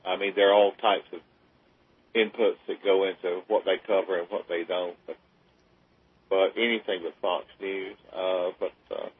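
A man with a low, husky voice talks as a radio guest. He is earnest and measured, pausing often between thoughts. He comes through a thin, tinny phone line. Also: little pitch movement. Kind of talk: casual radio talk.

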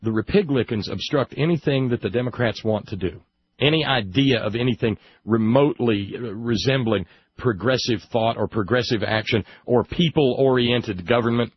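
A man hosting a political talk show, sarcastic and emphatic, slowing down to stress his points. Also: mid-range voice, husky, no echo, lo-fi sound. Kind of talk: opinionated political commentary.

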